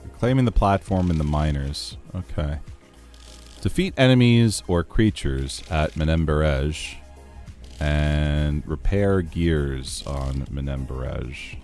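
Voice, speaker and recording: A man's voice: very deep voice, slow, a little mellow, soft background music. A man streaming a game, chatting casually with his chat, laughing easily as he plays.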